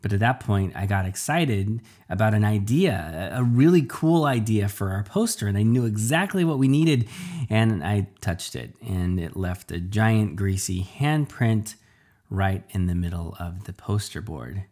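Deadpan, lower-voiced male storyteller. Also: unhurried. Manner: deadpan, self-deprecating, sometimes stammering. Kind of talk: comic first-person story narration.

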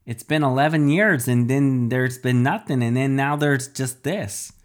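A man's voice: mid-range voice, measured pace, voice pushed up, lightly acted. A man voicing a nervous, stammering middle-aged scientist father in a storybook reading. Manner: stuttering, hesitant and nervous.

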